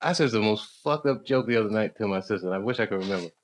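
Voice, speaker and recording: A man's voice: fairly low pitch, very fast. A man, a stand-up comedian, chatting casually and laughing with fans after a show. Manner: laughing, loose and joking. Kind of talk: casual banter with audience.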